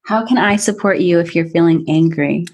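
A woman's voice: fairly low pitch, normal speed, a little mellow. A young woman hosting a casual video call chat, asking questions and teasing her guest while laughing easily.

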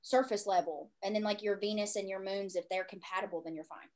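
A woman hosting a casual interview, bubbly and swearing freely, breaking into loud laughter. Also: mid-range voice, fairly even intonation, a little fast. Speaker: podcast host.

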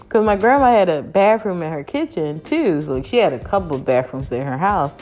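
A woman's voice: lowish voice, expressive, brisk, few pauses, darkish tone, faint music behind. A young woman vlogging to her viewers in a chatty, casual way, laughing often and addressing them as y'all.

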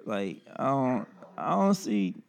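A man in his forties chatting casually as a podcast host, animated and incredulous, full of street slang. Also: mid-range voice, slow, gravelly. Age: 40s. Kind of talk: casual chat.

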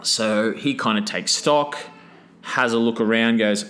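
A man with a fairly low voice tells a rambling, crude story in casual conversation. He swears freely, laughs at his own punchlines and keeps checking in with asides. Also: slow pace, fairly bright tone. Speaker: podcast guest.

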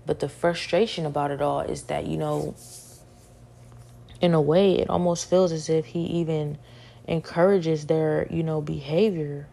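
Low gravelly woman venting. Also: fairly even intonation, measured pace, warm tone. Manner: repetitive, frustrated, restating each point several times. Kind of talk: venting monologue.

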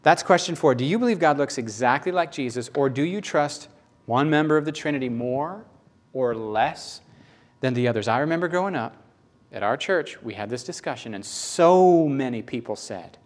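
A man's voice: expressive, moderate pace. Emotional conversational male preacher. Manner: conversational, emotional storytelling with sudden rises in pitch. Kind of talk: sermon.

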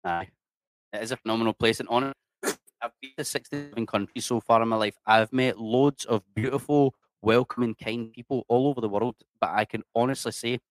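A man, an interview guest, chatting casually with lots of swearing and lively restarts. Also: medium pitch, brisk. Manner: swears freely, animated, many restarts.

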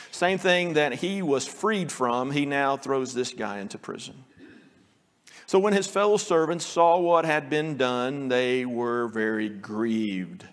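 A man's voice: medium pitch, in a large hall. A male pastor preaching an earnest sermon, now and then acting out the pleading lines of the story. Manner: earnest preaching, acts out quoted pleas.

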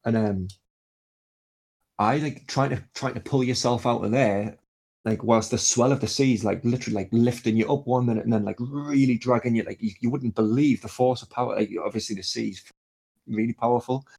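A man's voice: mid-range voice, a little fast, gravelly, a little mellow, husky. A young man, telling a rambling story in casual chat and swearing freely.

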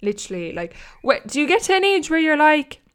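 A woman's voice: high voice, very animated, fairly quick. A young Irish woman in her twenties talking in a loose, casual chat. She rambles and fills her sentences with "like", breaking into short laughs as she goes. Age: 20s. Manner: chatty and rambling, peppered with "like", laughs often.

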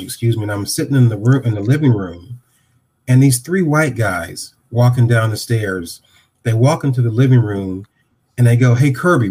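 A man in his sixties from Ohio, a podcast guest telling a story and acting out the dialogue with lively voices. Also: mid-range voice, breathy edge. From Dayton, Ohio.

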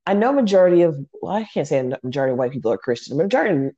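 Animated blunt woman co-host. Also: low-pitched, racing, breathy edge, highs cut off. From New York City. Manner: animated storyteller, blunt and exasperated. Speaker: podcast co-host. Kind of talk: casual chat.

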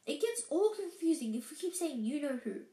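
Dumbledore: a woman reading as a gentle old wizard. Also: sits high, sing-song, voice pushed up. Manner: gentle, unhurried. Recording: roomy echo.

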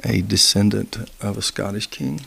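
A middle-aged man with a lowish, gravelly voice talks as a podcast guest. He is easygoing and jokey, telling stories in a loose, rambling way. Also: normal speed, bright, forceful tone, slight background noise. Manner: easygoing, joking, loose storytelling. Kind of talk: casual chat.

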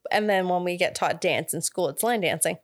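A woman's voice: on the low side, fairly quick, dry recording, studio quality. A young woman co-hosting a podcast, chatting casually and laughing as she recaps a film's plot with asides. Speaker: podcast co-host. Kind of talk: casual chat recapping a film.

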